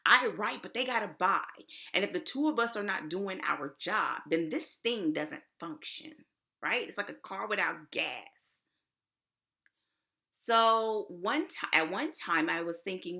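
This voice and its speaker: Chatty Texan woman with a gravelly edge. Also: mid-range voice, animated, a little slow, bright, forceful tone. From Houston, Texas. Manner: chatty, emphatic, folksy. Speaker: conference presenter. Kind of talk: casual conference talk.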